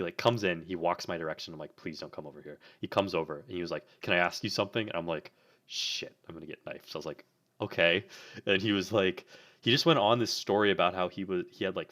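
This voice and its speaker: A young man with a very deep voice tells a rambling story as a co-host. He says "like" over and over and swears casually. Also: fairly even intonation, fast talker, a bit bright.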